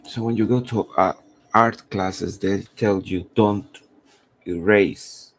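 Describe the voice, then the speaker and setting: A man, a comic artist who is losing his voice, thinking aloud in halting, rambling commentary while he draws on a live stream. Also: low voice, steady tone, fairly bright tone.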